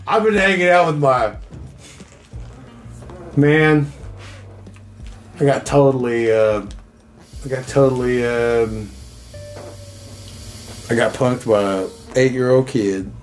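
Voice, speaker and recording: A man's voice: mid-range voice, slow, pauses often, soft background music. A young man co-hosting a casual podcast, telling rambling, profane stories and laughing along. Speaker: podcast co-host. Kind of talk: casual chat.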